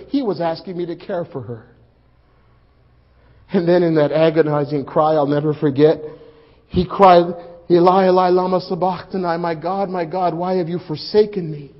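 A man playing a grieving male disciple in a dramatic first-person sermon, swelling loud for the crowd and sinking hushed and low. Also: lightly acted. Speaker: preacher in first-person monologue. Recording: muffled lo-fi recording.

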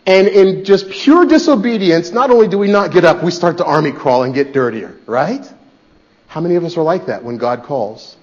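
A man preaching a sermon as pastor, swinging between loud, urgent lines and hushed ones. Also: high-pitched, dull audio.

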